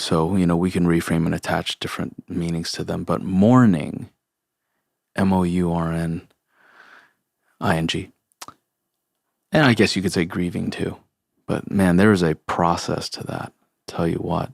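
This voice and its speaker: Young male podcast host, slow searching delivery, dry close sound. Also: low-pitched, creaky, no echo. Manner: slow, halting, searching for words with many fillers; sincere, open about grief. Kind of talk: reflective solo podcast talk.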